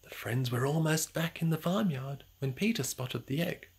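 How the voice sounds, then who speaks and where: A storybook reader narrating a children's story aloud in an expressive, sometimes whispery way. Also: mid-range voice, normal speed, breathy edge.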